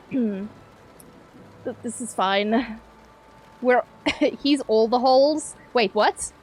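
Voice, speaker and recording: A young woman with a high, bright-pitched voice chatting live with her stream audience. She talks in a loose, playful way, tossing out swear words and breaking into laughs. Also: drawn-out words. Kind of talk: casual live-stream chat with viewers.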